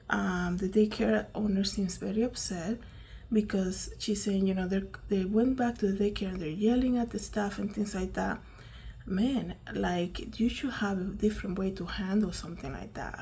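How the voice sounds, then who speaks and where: A woman's voice: mid-range voice, creaky, warm tone, a little hiss or hum. A woman giving casual, indignant commentary, full of fillers and rhetorical "right?" questions. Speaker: commentary vlogger.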